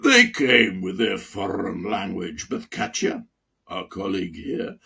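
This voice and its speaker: A man voicing an older Russian medical dean with a Russian accent and a deep velvety voice, telling a teasing story slowly and theatrically. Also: huge pitch swings, creaky, bright, forceful tone, husky, exaggerated voice. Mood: sly storytelling. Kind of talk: memoir reading aloud.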